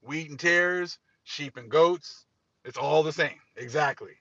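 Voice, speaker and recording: A man's voice: a little high, a little slow, sharp tone, dry recording, dull audio. A man hosting religious commentary, speaking emphatically and repeating his points. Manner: emphatic, repetitive. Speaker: host.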